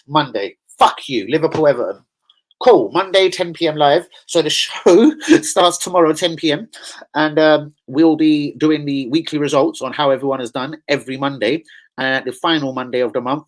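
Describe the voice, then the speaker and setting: A man's voice: fairly high pitch, normal speed, poor audio. Ranting man talking to his viewers. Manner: animated, swearing, ranting, streetwise slang. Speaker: channel host. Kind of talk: casual vlog chat to viewers.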